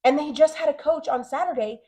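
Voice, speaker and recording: A fairly high-voiced woman in her thirties co-hosting a casual podcast. She talks animatedly and jumps into quick impressions of the people she's talking about. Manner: animated, talks fast and acts out quotes. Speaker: podcast co-host. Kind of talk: casual chat.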